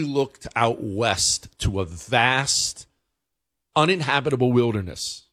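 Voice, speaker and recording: A man's voice: a little slow, no echo, clean studio sound. A man hosting a casual political commentary show, talking in a conversational, emphatic way. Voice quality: conversational, emphatic, excitable pitch jumps.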